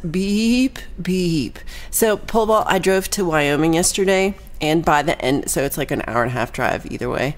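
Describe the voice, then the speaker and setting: A woman from Texas hosting her weekly livestream song show, chatting casually with viewers in a bubbly way, with quick asides and frequent laughs. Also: low-pitched.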